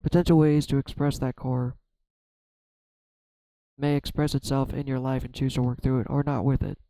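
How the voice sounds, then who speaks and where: A man doing a solo tarot reading, talking slowly through his own fears and frustration with many restarts. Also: mid-range voice, steady tone, warm tone, no echo, rough recording. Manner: halting, self-searching, many restarts. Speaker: tarot reader. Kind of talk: reflective solo tarot vlog.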